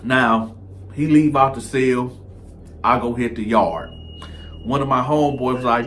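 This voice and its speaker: A man telling a comedic story in an animated way, jumping into the voices of the people in it. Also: medium pitch, measured pace, long pauses, slight background noise.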